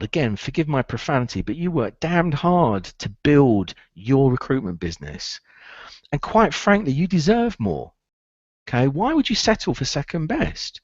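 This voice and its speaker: A man's voice: mid-range voice, sing-song, moderate pace, no echo, dull audio. A man giving a training talk on running a recruitment business, emphatic and repeating key phrases to drive them home.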